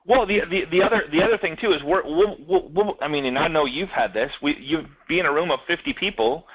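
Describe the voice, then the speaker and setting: A man's voice: fairly high pitch, brisk, no room sound, highs cut off. A man coaching in a casual business chat, telling stories and acting out what people say. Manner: animated storyteller acting out quotes.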